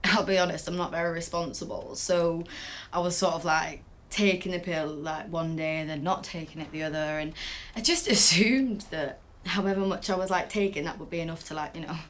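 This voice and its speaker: An actress playing a candid young British woman who was raised in a strict family, speaking haltingly with many fillers in a verbatim theatre monologue. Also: lowish voice, fairly even intonation, a bit bright, slight background noise, natural voice. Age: young adult. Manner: candid, hesitant, full of fillers. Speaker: interviewee recalling her past.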